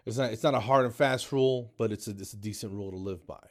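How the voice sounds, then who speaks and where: A middle-aged man rambles through a casual storytelling monologue. His voice sits on the low side, and his delivery is loose and slangy, full of asides. He talks like a podcast host chatting to his listeners. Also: quick pace.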